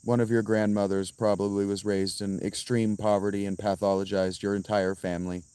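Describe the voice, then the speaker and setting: A man livestreaming outdoors and answering his chat in a profane, combative, quick-tempered way. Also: lowish voice, little pitch movement, dark tone, smooth, dry recording. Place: outdoors by a fountain.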